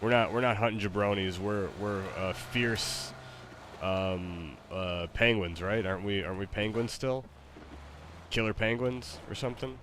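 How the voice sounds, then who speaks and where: A man's voice: on the low side, steady tone, unhurried, fairly bright tone, slight background noise. A man chatting casually while playing a game, hesitant and stammering, laid-back. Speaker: gamer streaming a match. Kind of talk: casual gameplay chat.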